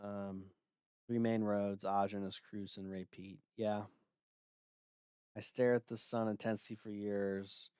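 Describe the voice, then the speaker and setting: A man's voice: on the low side, little pitch movement, measured pace, darkish tone, clear, resonant tone, dry recording, clean studio sound. A man hosting a livestream, talking casually in a blunt, dismissive way with lots of filler words. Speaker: livestream host.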